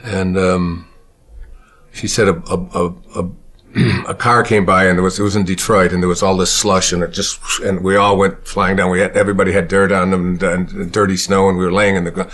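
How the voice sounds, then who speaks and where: Deep, husky-voiced man reminiscing. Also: little pitch movement, fairly bright tone. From Michigan, USA. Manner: unhurried, reflective, often pausing to search for words. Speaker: speaker recalling his childhood. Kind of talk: personal storytelling.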